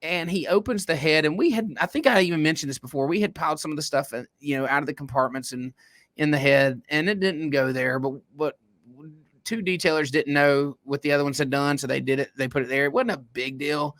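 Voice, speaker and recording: A man's voice: a little high, fairly quick, fairly bright tone, no room sound. Dry-sounding man telling stories. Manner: storytelling, acts out quoted people, frequent restarts. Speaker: podcast co-host, detailing shop owner. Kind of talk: casual podcast chat.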